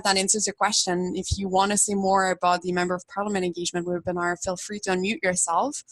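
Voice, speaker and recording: A woman hosting a webinar question session over a video call, friendly and quick to laugh as she reads out questions. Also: lowish voice, no echo, low-quality recording. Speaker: webinar host.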